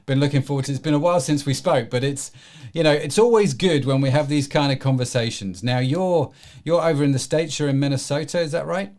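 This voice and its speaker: A man's voice: on the high side, a little fast, a little mellow. A man hosting an e-commerce podcast, who talks in a chatty, rambling way full of fillers and restarts. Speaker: podcast host. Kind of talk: podcast interview.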